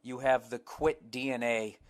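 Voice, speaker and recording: A man's voice: mid-range voice, fairly even intonation, a little slow. A man with a Boston accent hosting a podcast, reading a listener's letter and answering it in a blunt, sarcastic, profane monologue. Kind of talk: casual comedic podcast monologue.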